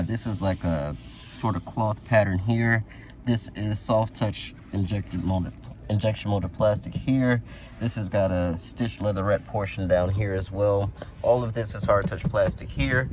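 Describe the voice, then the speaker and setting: A man reviewing a vehicle in a casual walkaround, talking in a relaxed, conversational way with plenty of fillers, recorded outdoors. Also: on the low side, slight background noise. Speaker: car reviewer.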